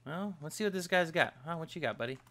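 Excitable bright-voiced gaming host man. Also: fairly high pitch, quick pace. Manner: excitable, yelps and trash-talks game enemies. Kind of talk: casual let's-play commentary.

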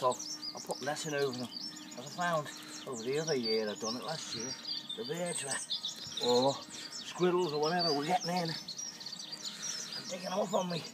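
Over heavy background noise, a man with a voice on the high side casually talks through his gardening. He's older, rambles with simple wording, and keeps restarting, while birds sing loudly around the person filming on a camera.

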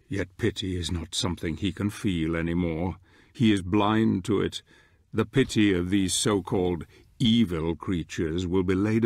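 An actor voicing a solemn male storyteller who narrates a dark fantasy video game in a grave, measured way. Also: deep voice, dry recording, clean studio sound.

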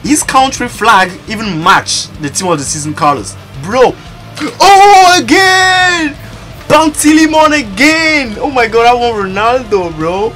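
A man giving excitable pack-opening commentary for a video game, exclaiming and shouting over each pick. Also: very high voice, unhurried, soft background music. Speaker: gaming YouTuber.

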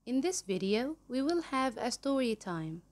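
A woman reads a children's picture-book story aloud, taking each phrase slowly and clearly. Her voice sits fairly high, and she is in no hurry at all. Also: big pitch swings. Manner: slow, clear storybook reading. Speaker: storyteller host of the channel.

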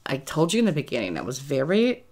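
A woman chats loosely to her viewers, wandering from one thought to the next and breaking into little giggles. Her voice sits a touch lower than most women's. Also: wildly swooping pitch, fast talker, a little mellow. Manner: rambling and giggly, laughs often between phrases. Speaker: YouTube creator. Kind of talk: casual vlog talk to viewers.

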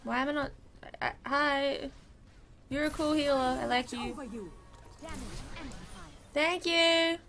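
A woman's voice: high voice, steady tone, slow, pauses often, a bit bright, faint music behind. A woman giving casual, chatty commentary while playing a video game, cheering on her team. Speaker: gaming video creator.

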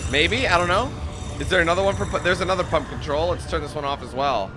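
A man doing casual let's play commentary on a video game. He swears freely and breaks into frustrated shouting. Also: a little high, quick pace, background noise. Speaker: gaming channel host. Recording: game music playing underneath. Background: video game music and sounds.

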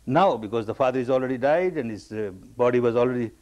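A male meditation teacher gives an emphatic spiritual discourse, repeating key phrases for weight. His voice sits at an ordinary middle pitch. He moves between teaching and storytelling with quoted voices. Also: fast talker, darkish tone, lo-fi sound.

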